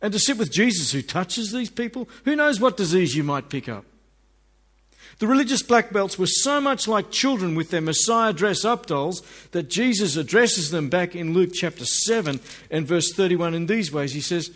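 A middle-aged man delivers a sermon with energy. He slips into the voices of the people in his stories. His voice sits a little higher than most men's. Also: lively intonation, moderate pace, a bit bright. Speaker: preacher.

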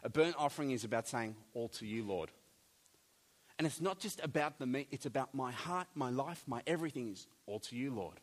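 A man preaching a sermon, animated, with jokey asides and big swings between loud and soft. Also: mid-range voice, fast, hardly any pauses. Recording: long hall reverb.

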